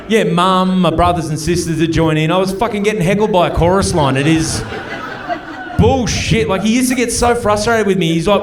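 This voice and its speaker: A rather high-voiced Australian man in his forties works a comedy club crowd with a chatty, profane stand-up set. He is heard from some distance off the mic, and the room adds a clear echo. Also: lively intonation, moderate pace. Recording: roomy live club sound from a distance.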